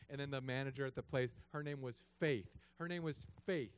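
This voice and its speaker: A man in his thirties, a pastor, telling a story in a sermon with an animated, joking delivery. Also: medium pitch, fast, hardly any pauses, smooth. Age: 30s.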